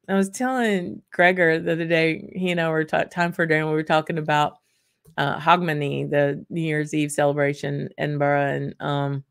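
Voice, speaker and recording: A woman's voice: deep voice, no room sound, clean studio sound. A middle-aged woman hosts a casual whisky livestream, chatty, laughing often and restarting her sentences. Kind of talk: casual chat reading viewer comments.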